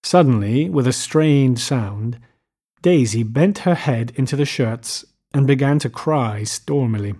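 A man narrating literary fiction aloud in a measured, unhurried way. His voice sits in a middle pitch range. It is a scripted audiobook reading. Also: warm tone, slightly rough.

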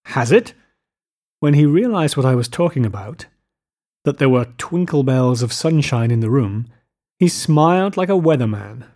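A man narrating a literary novel in a measured, descriptive reading style. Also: mid-range voice, mellow. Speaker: audiobook narrator.

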